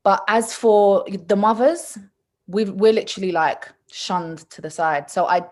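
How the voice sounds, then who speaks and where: Speaking at a measured pace in a mid-range voice, a young woman co-hosts a podcast. Her casual chat is full of animated stories, frequent laughter, and acted-out lines from others.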